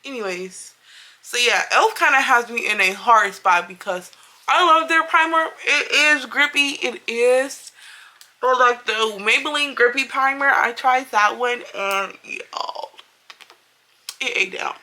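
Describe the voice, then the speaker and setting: A beauty vlogger with a slightly high, sharp-toned voice speaks unhurriedly in a casual makeup review and storytime. She's chatty and emphatic, repeating herself and addressing her viewers directly.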